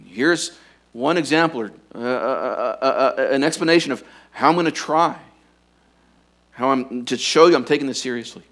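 A man preaching a sermon, earnest and urging, often dropping to a quiet intensity to press his points. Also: medium pitch, moderate pace. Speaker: pastor.

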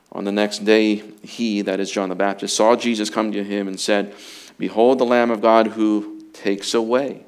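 Male preacher, sermon, earnest, lowish voice, very deliberate pace, swells then hushes. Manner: earnest, slows and swells for emphasis, drops low and quiet. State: emotional, fighting to get through.

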